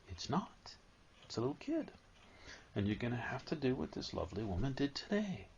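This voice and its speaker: A man giving a live spiritual talk to an audience, animated and storytelling, at times acting out a whining child. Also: medium pitch, brisk, lo-fi sound, slight background noise.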